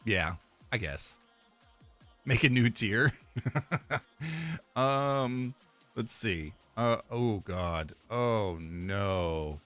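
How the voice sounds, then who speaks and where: A man's voice: fairly low pitch, lively intonation, very slow, long pauses, a bit bright, faint music behind. A young man streaming live, chatting casually and rambling, repeating himself with fillers and laughs.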